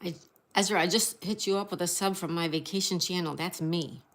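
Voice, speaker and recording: A woman's voice: lowish voice, fairly quick. A woman hosting a casual livestream, greeting viewers, reading chat aloud and spelling out crossword answers. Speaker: livestream host.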